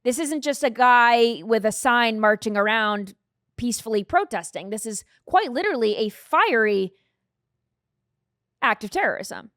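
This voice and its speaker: Brief: woman host, opinionated live-stream talk, slightly high voice, dry close sound. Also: lively intonation, measured pace, fairly bright tone, no echo. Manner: opinionated, conversational, reads out comments.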